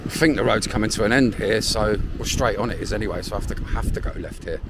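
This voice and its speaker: A man's voice: on the low side, fast talker. A man with a London accent chatting casually as he films a travel vlog, walking through a lakeside village and cheerfully greeting locals. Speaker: travel vlogger. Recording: noisy outdoor ambience.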